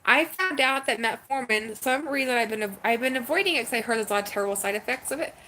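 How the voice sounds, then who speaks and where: A young woman vlogging to camera in a candid, chatty way, moving from earnest advice to bursts of excitement and near tears. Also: fairly high pitch, very fast, slight background noise. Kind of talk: casual talk to camera.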